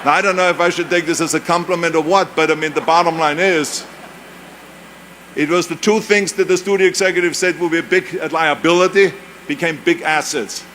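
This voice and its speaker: A little high and fairly bright in tone, this man's voice stays steady as he talks a little fast, with a little hiss or hum in the audio. He's a seventy-something European, a native German speaker with a German accent, delivering an emphatic motivational university speech rich in anecdotes and self-mocking humor.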